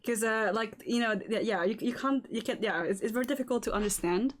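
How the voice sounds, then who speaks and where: A woman with a French accent, speaking English as a second language, hosting a casual chat and talking haltingly with many fillers and restarts. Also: a little high. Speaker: host.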